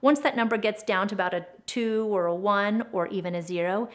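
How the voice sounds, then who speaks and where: A young adult woman explaining a tapping technique as an educator, speaking gently and slowing down to stress key words. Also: medium pitch. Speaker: trauma educator and advocate. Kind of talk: instructional explainer video.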